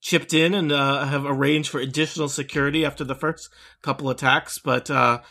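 A man's voice: mid-range voice, steady tone, a little fast, creaky, bright, forceful tone. A man voicing a small, fretful male gnome gem merchant who talks in a fussy, hesitant way. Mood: worried. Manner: fussy, hesitant, stumbling over words.

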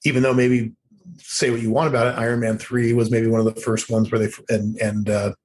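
A young man chatting loosely about movies, full of fillers and restarts, with a mid-range voice and an easy laugh. He rambles from point to point in a relaxed conversational way. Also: mid-range voice, a little fast. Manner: rambling, full of fillers, laughs often, acts out quoted lines. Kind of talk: casual chat about movies and TV.

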